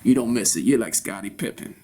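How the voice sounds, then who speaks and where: A man improvising a brash, crude male barbershop regular who lectures bossily and talks fast. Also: mid-range voice, expressive, dark tone, a little hiss or hum, natural voice. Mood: swaggering. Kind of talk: improvised comedy scene.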